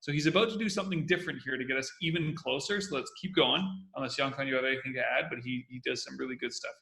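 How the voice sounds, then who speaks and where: Bright, energetic male commentary host. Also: medium pitch, racing, creaky, roomy sound. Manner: energetic, repeats phrases. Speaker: host analyzing comedy. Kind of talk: casual video commentary.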